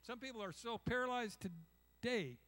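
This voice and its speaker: A man's voice: extremely high pitch, animated, normal speed, a bit bright. An older man preaching a conversational sermon, acting out little voices and asking the congregation "amen?". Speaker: pastor.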